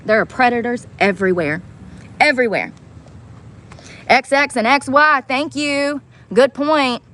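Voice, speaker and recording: A woman's voice: high voice, unhurried, a bit bright. A woman ranting heatedly on a casual livestream, swearing often and repeating herself for emphasis. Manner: heated, profane, repetitive. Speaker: livestream host.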